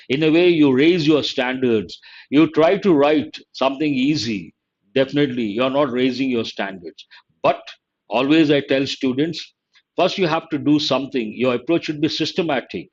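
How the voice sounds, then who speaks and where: A man teaching English, reading a newspaper editorial aloud and stopping to explain words and phrases one by one. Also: mid-range voice. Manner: reads a sentence then glosses words slowly. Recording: dull lo-fi recording.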